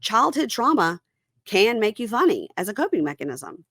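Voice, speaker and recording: A woman's voice: fairly high pitch, big pitch swings, normal speed, fairly bright tone, no room sound, studio quality. A woman hosting a casual reality TV recap podcast. She talks frankly and retells scenes by quoting the people in them. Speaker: podcast host.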